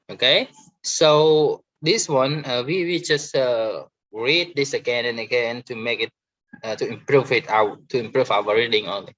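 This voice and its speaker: Slow, hesitant Cambodian-accented male teacher. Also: medium pitch, lo-fi sound. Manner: hesitant, many fillers, stresses sample words loudly. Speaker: English teacher. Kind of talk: online grammar and pronunciation lesson.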